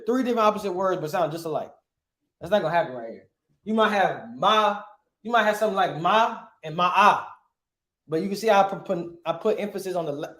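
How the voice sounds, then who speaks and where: A man's voice: high-pitched, echoey room. A man teaching a lesson, asking rhetorical questions and punctuating points with emphatic asides. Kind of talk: classroom lesson.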